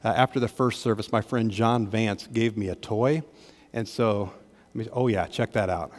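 Pastor preaching in a reverberant hall. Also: male voice, lowish voice, steady tone, normal speed, darkish tone. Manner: conversational preaching with varied emphasis, asides to the congregation. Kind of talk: sermon. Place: church sanctuary.

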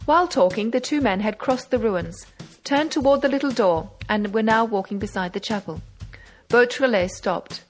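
Woman, audiobook narrator, measured storytelling, fairly high voice, faint background music. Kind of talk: scripted narration of a classic novel.

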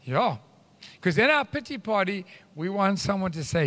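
Animated preacher in a hall. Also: male voice, high voice, normal speed. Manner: animated, rambling asides, swings between loud and hushed. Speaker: pastor. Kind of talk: sermon. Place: church hall. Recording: live church hall reverb.

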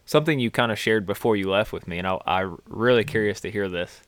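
A man's voice: lowish voice, fast talker, fairly bright tone, no echo. An American man hosting a casual podcast, asking curious, chatty questions. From United States. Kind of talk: casual conversational interview.

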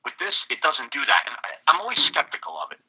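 A man's voice: fairly high pitch, huge pitch swings, racing, sharp tone, slightly rough, rough recording. A man in casual chat as a podcast co-host, a wry, grumbling complainer.

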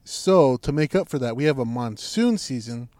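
A man's voice: medium pitch, expressive, normal speed, a little mellow, dry recording. A young adult man co-hosting a podcast, telling a long rambling story in casual, profane chat full of fillers. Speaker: podcast co-host.

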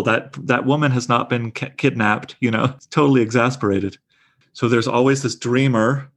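A man teaching a literature class, talking in an enthusiastic, conversational way with fillers. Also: mid-range voice. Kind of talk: lecture and discussion.

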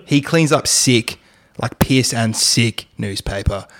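A man's voice: medium pitch, slow, a bit bright. A young man ranting and cracking jokes in a casual podcast chat, full of swearing and mock impressions. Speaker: podcast co-host. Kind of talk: casual banter.

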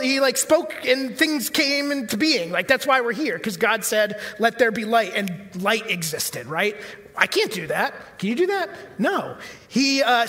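High-voiced man preaching in a reverberant hall. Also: bright, forceful tone. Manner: conversational preaching with filler words and rhetorical questions. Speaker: pastor. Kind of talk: sermon.

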